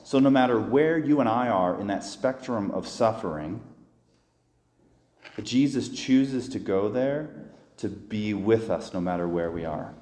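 Priest preaching a homily, low mellow voice, earnest and conversational, with long church reverb. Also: male voice, unhurried. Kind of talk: sermon. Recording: echoey church hall.

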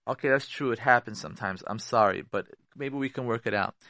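A man's voice: mid-range voice, quick pace, hardly any pauses, bright, forceful tone, dry recording, clean studio sound. A man hosting a radio show, giving earnest marriage advice. He uses Yiddish and Hebrew terms and acts out both spouses.

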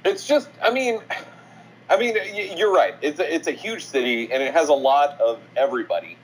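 A man's voice: a little high, expressive, moderate pace, a little hiss or hum, low-quality recording. A man co-hosting a casual sports podcast, often laughing and tossing in sarcastic asides. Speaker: podcast co-host.

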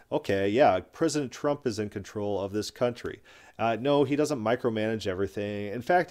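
A man's voice: medium pitch, a little mellow. A man delivering combative, scornful commentary, often repeating words as he rants. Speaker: commentary video host. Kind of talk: opinionated commentary.

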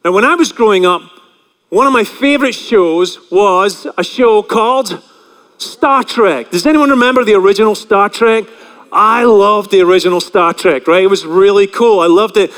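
High-voiced man preaching in a hall. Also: normal speed, a bit bright. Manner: chatty, asks the congregation questions. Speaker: pastor. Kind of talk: sermon.

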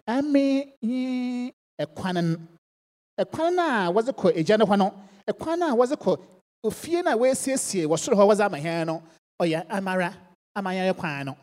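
A woman preaching a sermon, mixing English with a local language and swinging between soft and loud passages. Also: mid-range voice, expressive, moderate pace, long reverb tail.

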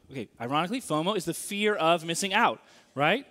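A man preaching a sermon in a conversational, animated way, often checking in with the audience. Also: on the high side, normal speed. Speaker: pastor. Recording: long reverb of a large hall.

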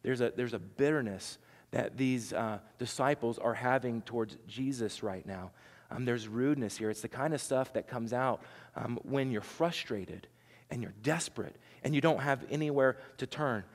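A man's voice: mid-range voice, normal speed, long reverb tail. A man preaching a sermon, talking conversationally and asking the congregation rhetorical questions. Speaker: pastor.

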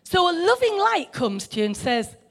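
High, lively woman preaching. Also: normal speed, vocal fry. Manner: conversational, asks the listeners questions. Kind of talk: sermon.

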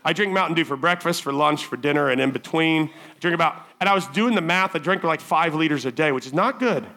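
A man speaking at a teen summer camp, telling stories in a chatty, animated way full of "like" fillers before turning them into a sermon point. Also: fairly high pitch, a little fast. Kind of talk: storytelling youth sermon.

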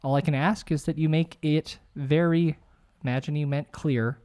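A man's voice: on the high side, moderate pace. A man co-hosting a podcast, reading listener tweets aloud and laughing with the others. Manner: lively, laughing, reads messages out. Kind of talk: casual podcast chat.

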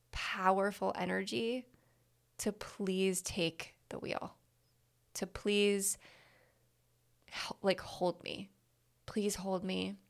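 Woman with a smooth, gravelly voice. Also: mid-range voice, a bit bright. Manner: candid, reflective, frequent "like" fillers. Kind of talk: candid personal monologue.

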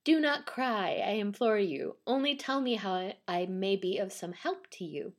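A woman's voice: expressive, moderate pace, lightly acted. A woman voicing a kind man in an old ghost tale, speaking in an earnest, pleading way. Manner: earnest, pleading, high and strained. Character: kind Japanese man, pleading then terrified.

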